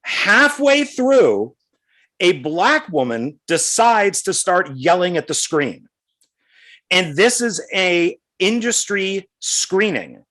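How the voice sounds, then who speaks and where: A middle-aged man co-hosting a podcast, telling a rambling story in a casual, animated way. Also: a little high. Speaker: podcast co-host.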